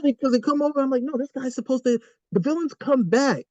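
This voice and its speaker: A man co-hosting a podcast, talking in an animated, opinionated way with frequent restarts. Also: very high-pitched, quick pace, no echo. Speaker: podcast co-host. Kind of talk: casual chat. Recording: dull lo-fi recording.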